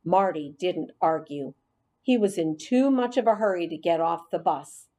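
A woman's voice: fairly low pitch, expressive, moderate pace, warm tone. A woman narrating a children's storybook in the first person as a hamster, reading expressively.

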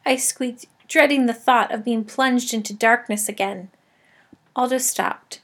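Woman, storybook narrator, first-person telling, lively, expressive, slightly high voice. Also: moderate pace. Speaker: audiobook narrator.

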